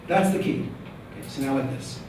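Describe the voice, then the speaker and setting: Animated rabbi lecturing in echoey room. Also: male voice, medium pitch, a little fast. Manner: animated, rhetorical questions, joking. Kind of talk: lecture to students. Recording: very echoey room, mic at a distance, faint background hum.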